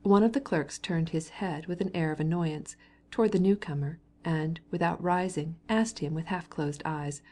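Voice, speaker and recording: A woman narrating a classic novel in a measured, even storytelling manner. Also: deep voice. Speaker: audiobook narrator.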